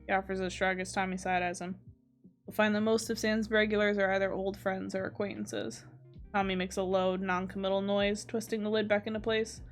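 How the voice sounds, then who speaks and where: Woman streamer reading fiction aloud; steady, faint background music. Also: mid-range voice. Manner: steady reading, small slips.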